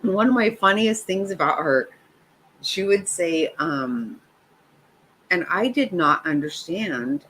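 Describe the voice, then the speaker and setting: A middle-aged woman hosting a livestream chats casually, laughing a lot as she tells animated stories. Her fairly low, husky voice moves slowly. The recording is rough.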